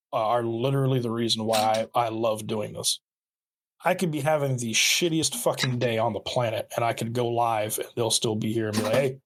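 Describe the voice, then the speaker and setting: A man guesting on a podcast, talking earnestly and swearing casually. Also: medium pitch. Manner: earnest, profane, fast bursts.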